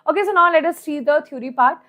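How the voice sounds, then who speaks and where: A young woman with an Indian English accent teaches chemistry in an online exam-prep lecture, talking fast in a high, slightly bright voice. She's chatty, repeats her points, keeps asking "right?", and mixes in Hindi.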